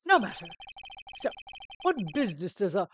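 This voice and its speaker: A woman's voice: mid-range voice, sing-song, normal speed, noisy background, lightly acted. A woman voicing a pompous, arrogant male company boss in a put-on British accent, grandiose and showy with affected words, with game music behind. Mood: haughty.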